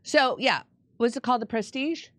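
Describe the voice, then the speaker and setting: A woman co-hosting a show, chatting casually in halting, chatty speech with frequent laughs. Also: a little high, no room sound, studio quality. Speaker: co-host. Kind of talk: casual live-stream chat.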